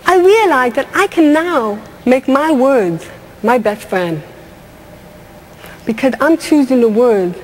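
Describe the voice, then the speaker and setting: High-pitched woman doing stand-up storytelling, punchy and emphatic, big echoey hall. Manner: animated, emphatic, punchy delivery. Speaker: comedian. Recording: long hall reverb, faint noise.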